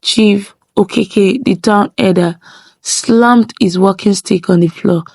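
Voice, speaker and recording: A woman narrating a folktale in a measured, dramatic way, drawing out key phrases. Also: mid-range voice, vocal fry, darkish tone, breathy edge, no room sound. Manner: measured, dramatic pacing with slowed phrases for effect. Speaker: storyteller.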